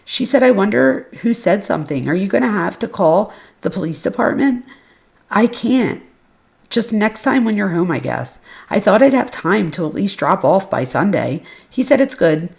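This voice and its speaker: A woman's voice: medium pitch, very animated, normal speed, gravelly, a little mellow. A woman hosting a podcast, reading case records and message exchanges aloud with casual, blunt asides. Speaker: podcast host.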